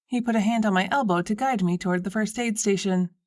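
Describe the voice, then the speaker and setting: A woman's voice: medium pitch, fast, few pauses, a little mellow. Woman narrating an audiobook with wry storytelling. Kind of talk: scripted first-person narration.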